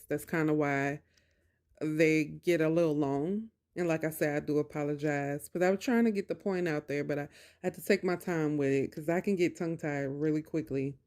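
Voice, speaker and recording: A woman hosting a podcast, telling a personal story in an animated, conversational way with drawn-out emphasis. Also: sits low. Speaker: podcast host.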